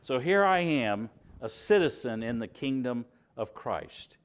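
A man with a Southern US accent preaching a sermon, stressing key words by rising, dropping and slowing down. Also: mid-range voice, expressive, clear, resonant tone. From Alabama, US. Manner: emphatic, rises and drops for stress, slows on key words.

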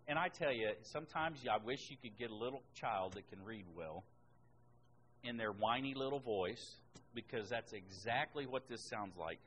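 A man preaching a sermon at a middle pitch, reading scripture aloud between his own points. He presses hard on key words, lifting his voice high and loud before dropping back. A faint hiss sits under the recording. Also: poor audio. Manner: emphatic, rises in pitch and volume on key words.

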